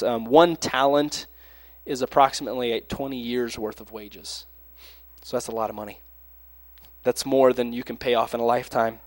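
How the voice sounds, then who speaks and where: A man delivers a sermon, reading scripture passages and then unpacking them in plain speech. His voice sits somewhat high for a man and is recorded close and dry, with no room sound. He drops at times to a hushed near whisper. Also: no echo. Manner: reads scripture aloud and explains it, with sudden drops to near whispers. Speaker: preacher.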